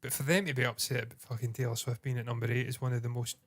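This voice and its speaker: A man's voice: mid-range voice, flat delivery, rapid-fire. A Scottish man co-hosting a podcast, telling stories with lots of swearing and mocking impressions. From Scotland. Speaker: podcast co-host. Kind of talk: casual chat.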